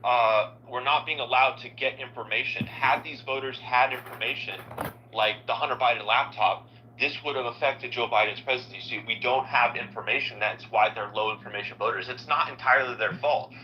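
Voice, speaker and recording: A man's voice: medium pitch, brisk, muffled recording, slight background noise. A man joining a political podcast as a guest, making earnest, lecturing points.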